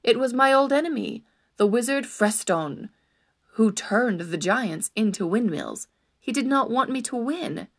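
A woman's voice: fairly high pitch, expressive, a little slow. A woman voicing a deluded old knight in a storybook reading, declaiming in lofty, old-fashioned speech. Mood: indignant.

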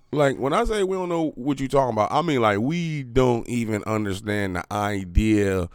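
A man's voice: mid-range voice, animated, normal speed, clean tone, no echo, clean studio sound. A young man hosting a podcast, talking in a rambling, profane, casual way with lots of fillers and restarts. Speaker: podcast host.

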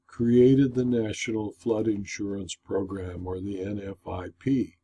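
A man, an insurance claims consultant, giving a formal scripted lecture in a measured, deliberate way. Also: medium pitch, mellow.

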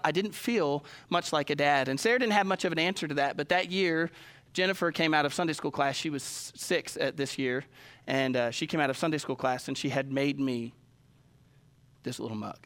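A man's voice: a little high, fairly bright tone. A man, preaching a sermon that moves from personal storytelling to emphatic Scripture reading. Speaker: pastor.

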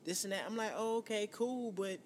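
A man in his thirties from New York, hosting a casual podcast and telling a profane, animated story. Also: high voice, fairly quick, in a large hall, slight background noise. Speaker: podcast host.

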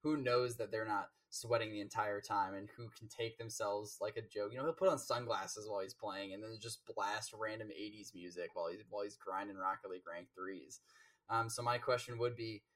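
A man's voice: fairly low pitch, fairly even intonation, brisk, fairly bright tone, distant mic. A man, a game coach, chatting casually as a guest and rambling through stories with many fillers and restarts. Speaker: Rocket League coach and guest. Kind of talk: casual interview chat.

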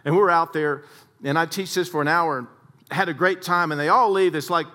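A man telling stories dramatically in a talk with a faith message, swinging between loud and hushed. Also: fairly high pitch, fairly even intonation, brisk. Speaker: speaker, sports psychologist.

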